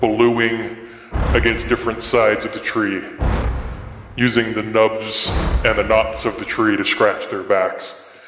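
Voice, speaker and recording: A man narrating a tabletop game as game master, in unhurried description. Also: on the low side, flat delivery, background noise. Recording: echoey roomy hall.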